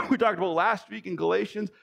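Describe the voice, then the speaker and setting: Male pastor, high gravelly voice, emphatic and excitable sermon delivery. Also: fairly quick. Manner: excitable, emphatic preaching with sudden bursts; reads scripture passages aloud.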